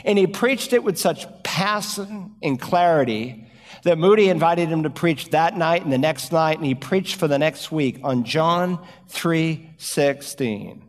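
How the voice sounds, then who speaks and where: Preacher with a high-ish voice in a reverberant hall. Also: male voice, lively intonation. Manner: storytelling preacher, varied emphasis, slows for key words. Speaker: pastor. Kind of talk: sermon.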